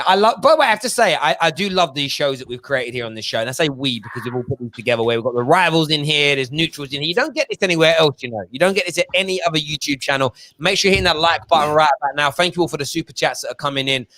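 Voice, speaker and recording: A man hosting a casual football chat show, telling stories with lively energy and mimicking voices. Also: a little high, very fast, few pauses. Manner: animated storytelling, mimics his kids. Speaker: show host.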